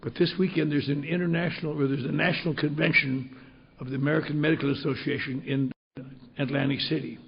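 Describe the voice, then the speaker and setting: An earnest, emotional alcoholic doctor, voiced by an older man telling the story. His voice is gravelly and pitched a little high. It comes through a slightly muffled archival recording with faint noise behind it. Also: fairly even intonation, quick pace. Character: anguished then elated alcoholic male doctor.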